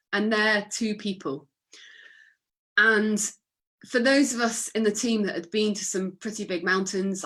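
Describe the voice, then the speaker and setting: A woman's voice: mid-range voice, a bit bright. A woman giving an illustrated talk with slides, chatty and upbeat, with fillers. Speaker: guest speaker.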